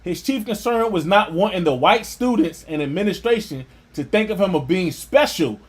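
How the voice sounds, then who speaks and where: Male religious teacher reading aloud, high pitched and lively, with scornful asides. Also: moderate pace. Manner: animated, scornful asides with laughter.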